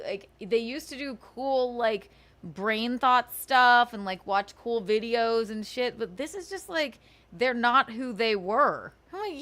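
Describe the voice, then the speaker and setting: Slow, lively-voiced woman ranting. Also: a little high. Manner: sarcastic, swearing, giggly. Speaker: livestream host. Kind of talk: casual livestream rant.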